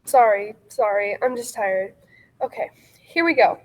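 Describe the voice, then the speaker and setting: A woman's voice: medium pitch, expressive, lightly acted, poor audio. A woman playing a tired, overworked young actress who keeps tripping over her lines and apologizing, speaking over a video call from home. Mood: flustered. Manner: flustered, apologetic, fast self-correcting. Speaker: actress auditioning for a courtroom role. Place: home room.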